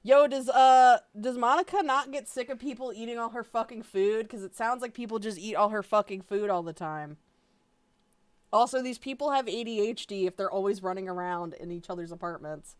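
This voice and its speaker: A woman's voice: on the high side, a little fast. A woman reading bad fanfiction aloud with sarcastic, profane running commentary.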